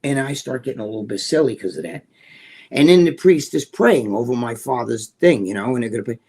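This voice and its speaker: An older man co-hosting a podcast, telling a story in a profane, animated way and laughing as he goes. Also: medium pitch, husky. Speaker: podcast co-host. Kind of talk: casual storytelling chat.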